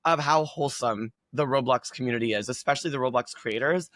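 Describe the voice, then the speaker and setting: A man's voice: medium pitch, fast, fairly bright tone, no room sound. A man chatting as a guest creator, gushing and upbeat, with lots of filler words. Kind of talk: casual chat.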